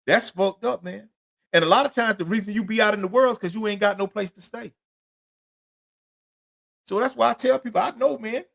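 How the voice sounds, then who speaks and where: On his own podcast, a man with a high-sitting, fairly bright voice tells rambling street stories. The talk is profane and slangy, with the phrase "you know what I'm saying" recurring throughout.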